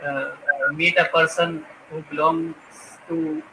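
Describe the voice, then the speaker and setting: Polite bright-voiced male student. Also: fairly high pitch, big pitch swings, slow pace, vocal fry, a little hiss or hum, low-quality recording. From Pakistan. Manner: polite, deferential. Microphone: video call.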